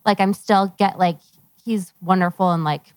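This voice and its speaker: A woman's voice: lowish voice, fairly even intonation, normal speed, a little mellow, no room sound. A young woman in the audience asking a question, hesitant and full of fillers. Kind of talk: live Q&A question.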